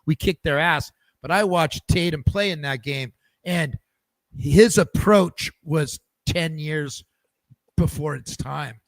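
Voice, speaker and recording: A man's voice: a little high, takes it slowly, no echo. Upbeat man hosting a chatty podcast. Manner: lively storyteller, many restarts and repeated words. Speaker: podcast host. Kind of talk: casual chat.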